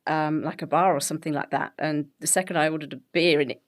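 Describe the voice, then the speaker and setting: A woman in her forties from England with a BBC-style English accent, telling her story as an interview guest with animated, laughing delivery. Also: sits low, quick pace. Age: 40s. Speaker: guest, health coach. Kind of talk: conversational interview.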